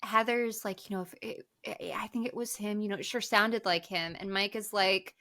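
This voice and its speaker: A woman co-hosting a podcast in casual chat, animated and laughing often as she talks. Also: mid-range voice, normal speed, hardly any pauses. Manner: animated, laughs often, swears when worked up. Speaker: podcast co-host.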